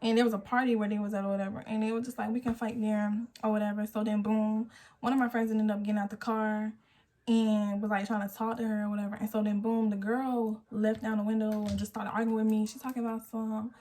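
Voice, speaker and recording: An eighteen-year-old woman tells a storytime vlog, acting out everyone's lines as she goes. Her voice sits a little high, and she is recorded on a phone camera. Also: fairly quick. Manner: animated storytelling, acting out quotes. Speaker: vlogger.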